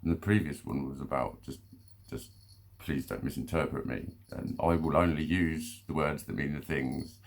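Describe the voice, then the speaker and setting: Man, vlogger; very low, husky voice; loose, sweary, rambling monologue. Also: normal speed. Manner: rambling, swears a lot, self-interrupting; laughs between phrases. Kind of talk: casual monologue to camera.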